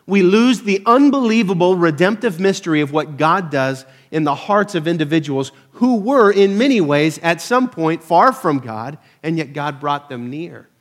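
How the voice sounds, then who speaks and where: A man's voice: on the high side, animated, normal speed, hardly any pauses. A man preaching a casual, conversational sermon to his church, peppered with "uh" fillers and self-deprecating humor. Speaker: pastor.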